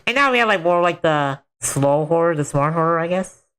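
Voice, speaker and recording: A man's voice: fairly high pitch, expressive, fairly quick, a bit bright, clear, resonant tone. A man streaming a game, chatting casually in a rambling way full of filler words. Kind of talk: casual chat while gaming.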